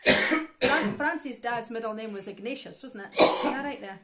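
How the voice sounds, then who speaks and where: A woman's voice: on the high side, moderate pace, a bit bright. A Scottish woman co-hosting a live stream in a casual, chatty way, mixing in Scots words. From Scotland. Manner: chatty, easy laughs, drops into Scots words. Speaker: co-host, musician.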